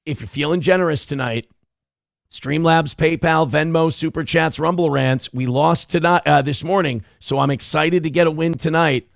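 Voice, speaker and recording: A young man hosting a live show, reading donation messages and ranting with heavy swearing in fast, heated bursts. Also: on the high side, gravelly, no echo, clean studio sound. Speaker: livestream show host. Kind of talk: profane political rant and chat reading.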